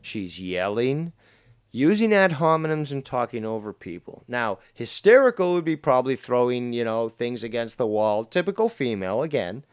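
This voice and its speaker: Male streamer, mocking and combative, lively swooping delivery, dry close sound. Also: mid-range voice, moderate pace, smooth, no room sound. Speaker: streamer reacting to a clip. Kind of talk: casual stream commentary.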